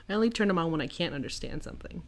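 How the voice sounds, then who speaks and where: Woman, podcast co-host, lowish voice, chatty, casual. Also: expressive. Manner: chatty, lots of "like" fillers, quick to laugh. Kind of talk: casual chat.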